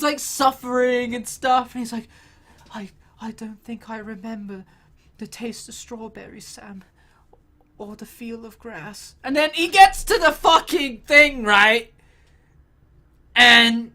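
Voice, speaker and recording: A woman's voice: high voice, sharp tone. A woman delivering a sweary, exasperated comedic rant.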